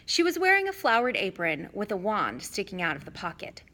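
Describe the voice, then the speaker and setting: Animated woman reading a storybook. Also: medium pitch, a little fast, very noisy. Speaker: audiobook reader. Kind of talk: storybook narration.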